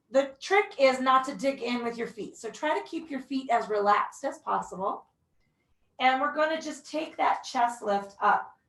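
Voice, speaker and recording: A woman's voice: sits high, fairly bright tone, distant mic. Woman pilates instructor in an echoey room. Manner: encouraging cues with breath counts, occasional whoops and yawns. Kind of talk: guided workout instruction.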